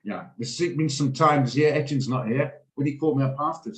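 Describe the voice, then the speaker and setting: A man's voice: mid-range voice, fairly quick, echoey room, low-quality recording. A man hosting a trading room on a video call, talking casually and emotionally, rambling and laughing as he goes.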